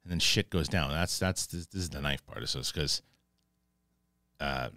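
Male host, low voice, dry close sound; casual, profane, excitable recap of a TV episode. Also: normal speed, no echo. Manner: profane, excitable retelling with acted-out quotes. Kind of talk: casual spoken TV episode review.

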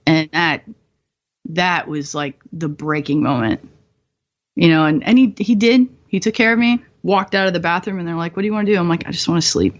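A woman's voice: fairly low pitch, fairly quick. A woman in her twenties, a guest on a podcast, telling her story in a candid, profane, self-mocking way and laughing often. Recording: slightly dull podcast audio.

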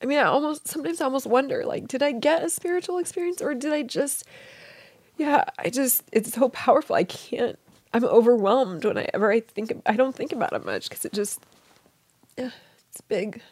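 A middle-aged woman with a slightly high voice tells a deeply personal story. She speaks softly and haltingly, restarting often and slipping into whispers. The sound is dry and close. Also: expressive, slightly rough, no room sound. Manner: soft, halting, with many restarts and whispered moments. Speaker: guest.

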